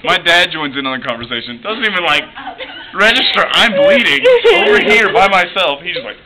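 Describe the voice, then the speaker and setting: A man's voice: high voice, huge pitch swings, fairly quick, a crowd in the background, rough recording. A teenage boy animatedly telling a story about a car wreck, laughing and acting out the voices in his tale. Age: teens. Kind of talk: casual anecdote.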